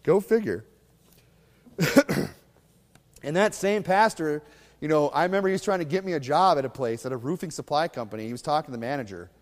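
A fiery male preacher with a slightly high voice, swinging from thunderous bursts to hushed, mocking asides. His sermon rings out with the long reverb of a church hall. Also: brisk, long pauses. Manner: fiery, mocking preacher who shifts between loud and hushed. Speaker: pastor.

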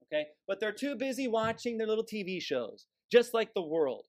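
A man preaching a sermon from the pulpit, forceful and emphatic, scornful toward those he condemns. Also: high-pitched, very animated, moderate pace. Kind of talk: fiery sermon.

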